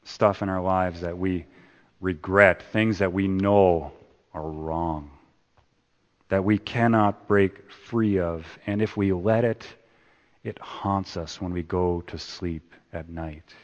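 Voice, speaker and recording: A man preaching a sermon. He swings from loud emphasis down to hushed, repeated words. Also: deep voice, steady tone, slow pace, dull audio. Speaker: pastor. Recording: long hall reverb.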